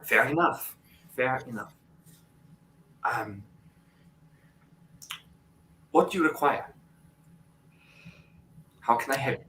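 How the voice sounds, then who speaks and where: A man's voice: medium pitch, expressive, slow, long pauses, sharp tone. A man voicing a stately, balding village lord who speaks formally and a little hesitantly. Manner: formal, slightly hesitant speech. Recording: roomy, distant mic.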